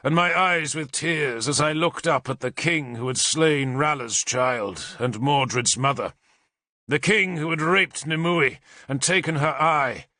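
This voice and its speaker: A man's voice: fairly high pitch, unhurried, pushed and bright, dry recording, clean studio sound. A man narrating an audiobook in a dramatic, intense storytelling manner.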